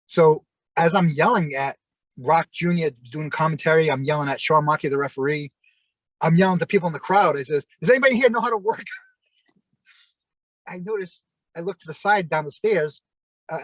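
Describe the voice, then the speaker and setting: A man, a former pro wrestler, tells a story in a fairly high voice, animated and profane, with his shouts acted out. The sound is dry, close and without room echo. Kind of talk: casual storytelling in an interview.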